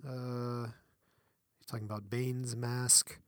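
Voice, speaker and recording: A man co-hosting a podcast in casual chat, animated and laughing often, now and then reading from an article. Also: mid-range voice, slow, no room sound, studio quality. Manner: animated, laughs often, breaks into playful voices. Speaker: podcast co-host.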